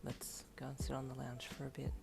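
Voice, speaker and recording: A woman voicing a calm, gentle young husband in a fanfiction reading, speaking softly and low, almost whispering. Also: fairly quick, gravelly, full character voice. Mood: tender. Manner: soft, quiet, near-whispered.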